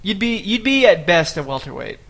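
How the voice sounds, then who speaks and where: A man's voice: high-pitched, sing-song, fairly quick, vocal fry, a bit bright. A man hosting a podcast, chatting casually and joking, with the odd swear word. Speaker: podcast host. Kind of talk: casual chat.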